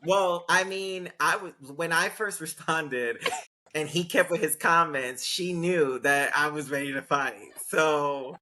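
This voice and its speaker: A podcast host telling stories in casual chat, animated and acting out what people said. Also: mid-range voice, unhurried, noisy background. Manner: animated storyteller, acts out quotes, laughs.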